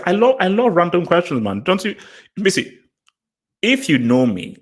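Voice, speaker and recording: Animated rambling man on a livestream. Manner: animated and rambling, repeats words, jumps in pitch for emphasis. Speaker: livestream host. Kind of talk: casual livestream chat.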